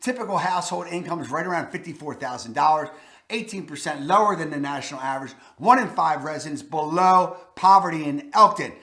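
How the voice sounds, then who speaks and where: In an echoey room, a real estate video host from Maryland in his forties runs a blunt, folksy countdown of places to live. He has a Baltimore accent, and his high-leaning voice comes across brisk, pushed, and bright as he gives casual countdown commentary.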